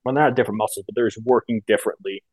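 A man's voice: on the low side, steady tone, very fast, breathy edge, no room sound. A man co-hosting a podcast, chatting casually and rambling through a personal story with lots of filler words. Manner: casual, rambling, many fillers like "you know" and "like". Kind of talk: casual chat.

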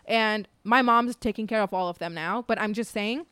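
A woman's voice: medium pitch, moderate pace, a bit bright, clean tone, dry recording. A woman in her twenties chatting casually, full of fillers and the odd swear. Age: 20s. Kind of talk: casual chat.

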